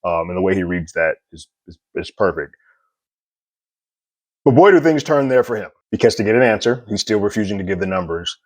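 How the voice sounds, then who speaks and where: Guy doing a chill tv recap, kinda low voice, dry close sound, laughs a lot. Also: dry recording. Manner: animated, chuckles often, slips into quick impressions. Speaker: TV episode reviewer. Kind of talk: casual recap commentary.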